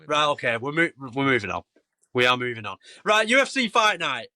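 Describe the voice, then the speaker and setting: A British man in a casual podcast chat, excitable and forever pulling the group back on track. His voice is bright and bouncy, swinging high, recorded dry and close. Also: fairly quick, no echo. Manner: tries to steer talk back on track, excitable. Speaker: podcast co-host.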